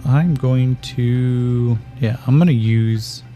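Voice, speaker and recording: A man narrating a solo tabletop game as game master, calling out dice rolls in a measured way. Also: medium pitch, warm tone, faint music behind.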